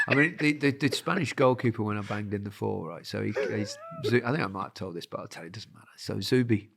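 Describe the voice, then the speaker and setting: Brief: older English ex-footballer host, gravelly, rambling anecdotal chat. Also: male voice, on the low side, fast talker, hardly any pauses, very noisy. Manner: rambling anecdotal storytelling with laughs. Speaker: podcast host, former footballer. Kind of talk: casual chat.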